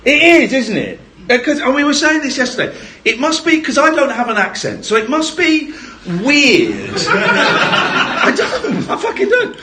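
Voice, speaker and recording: A man's voice: extremely high pitch, wildly swooping pitch, unhurried, bright, forceful tone. A man hosting a live comedy podcast, rambling, laughing and swearing through his banter. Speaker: podcast host. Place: live venue stage. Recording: live show with background noise.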